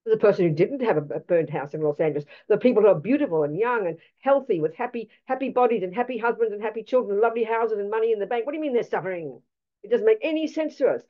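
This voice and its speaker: Animated woman giving a Buddhist teaching. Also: medium pitch, quick pace, phone-quality sound. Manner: animated, emphatic and blunt, with rhetorical questions.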